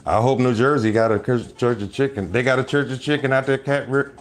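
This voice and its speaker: A man hosting a casual live stream, rambling loudly through jokes and teasing his viewers, often breaking into laughter. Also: mid-range voice, steady tone, fairly quick, faint music behind. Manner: loud joking rambles, bursts of laughter, mock voices.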